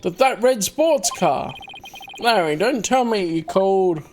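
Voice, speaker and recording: A woman's voice: medium pitch, lively intonation, a little slow, a little mellow, slight background noise. A woman hosting a casual game playthrough, reading along and commenting in an amused way. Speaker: gaming host.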